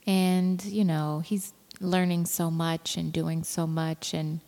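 A tired mother in her thirties vlogs a casual chat to camera, rambling, laughing easily and sometimes dropping to a whisper. Her voice is on the low side, flat and dark in tone, and slowly paced, with a long room reverb.

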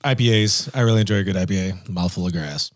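A man co-hosting a podcast, wisecracking and playful, throwing in quick jokes. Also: no room sound, clean studio sound. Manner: wisecracking, playful, jumps into squeaky joke voices. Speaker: podcast co-host. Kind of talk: casual podcast banter.

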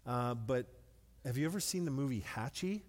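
A middle-aged man preaching a sermon in a relaxed, conversational way, with light self-deprecating humor and words repeated when he stresses a point. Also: medium pitch, normal speed. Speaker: pastor. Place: church sanctuary with long reverb. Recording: long hall reverb.

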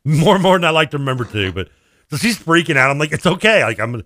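A man co-hosting a radio sports talk show, telling stories in a lively, laughing, animated way. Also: on the high side, quick pace, no echo, clean studio sound. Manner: animated storyteller, laughs often, acts out voices. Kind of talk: casual radio banter.

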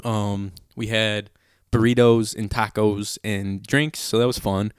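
A man's voice: on the low side, little pitch movement, takes it slowly, clear, resonant tone, no room sound, clean studio sound. A young man co-hosting a podcast, telling stories in a rambling, swearing, laughing way. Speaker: podcast co-host. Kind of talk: casual chat.

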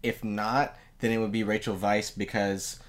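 Podcast co-host, casual chat, wry, relaxed, filler-heavy, mid pitch. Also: normal speed.

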